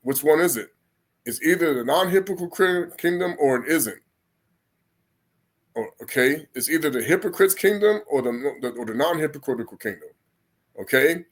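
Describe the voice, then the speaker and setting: A man giving an informal spoken sermon, rambling and repeating himself as he acts out the people he quotes. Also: a little high. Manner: rambling, repeats words, slips into quoted voices. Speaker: preacher.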